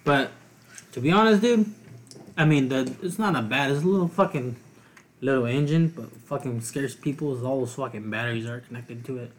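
A man's voice: medium pitch, normal speed. A young man co-hosting a podcast, talking in blunt, profane casual chat. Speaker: podcast co-host.

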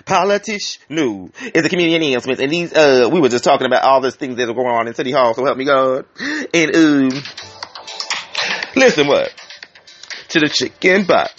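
A man's voice: a little high, lively intonation, moderate pace, faint music behind. A man hosting a community talk show, sassy and theatrical, calling listeners honey and child. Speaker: community radio host. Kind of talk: flamboyant comic commentary. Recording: dull lo-fi recording with loud hiss.

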